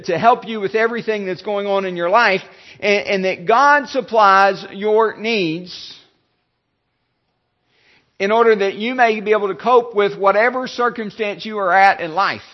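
A male pastor giving a sermon, halting, with many fillers and restarts. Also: high voice, highs cut off.

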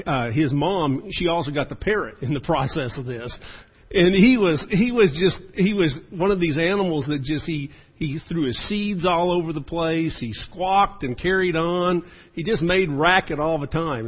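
A man's voice: a little high, husky, low-quality recording. A man preaching a sermon as the pastor, in a folksy and chatty storytelling manner.

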